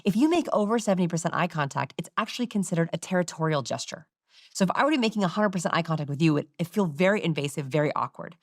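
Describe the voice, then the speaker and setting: Confident woman explaining, low and dry. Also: rapid-fire, dry recording. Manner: lively, confident teaching with demonstrations. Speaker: body language researcher and guest. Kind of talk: explaining in a conversational interview.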